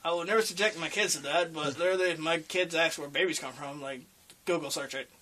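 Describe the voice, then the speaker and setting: A young man with a high, bright voice talks in a casual, profane way. He rambles from point to point and swears freely. He often bursts into loud, excited rants. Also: fast talker. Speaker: podcast co-host.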